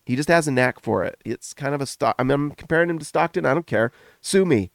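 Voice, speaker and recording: A middle-aged man talks basketball on his podcast with a gravelly, fry-edged voice. He gushes in quick, animated bursts and sounds a bit foggy from a recent illness. The recording is close and dry, with no room sound. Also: mid-range voice, no echo. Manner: animated, gushing, talks in rapid runs. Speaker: podcast host. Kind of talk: casual sports commentary.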